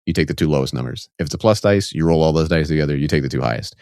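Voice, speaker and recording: A man's voice: extremely low pitch, racing, gravelly, a little mellow, dry recording, clean studio sound. A man co-hosting a casual podcast, explaining game rules step by step with enthusiasm. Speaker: podcast co-host.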